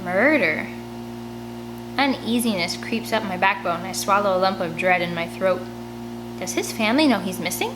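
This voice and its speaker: Brief: woman, expressive read-aloud of a kids' novel, home recording with a steady hum underneath. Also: medium pitch, normal speed. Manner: expressive storytelling, chatty asides. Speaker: audiobook reader. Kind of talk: reading a children's chapter book aloud. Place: home room by a large window.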